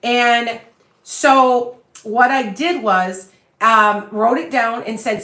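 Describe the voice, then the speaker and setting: A woman's voice: a little high, steady tone, slow, bright, forceful tone. A woman with a Chicago accent, a psychic medium talking casually on a livestream, chatty and self-assured, rambling from one thought to the next into a phone on a stand. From US Midwest. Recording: roomy echo.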